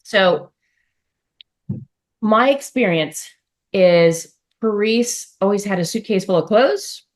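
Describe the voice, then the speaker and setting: A middle-aged woman, a former model, speaks as a podcast guest in a casual interview chat. Her medium-pitched voice is slow as she tells stories chattily, with laughs and asides.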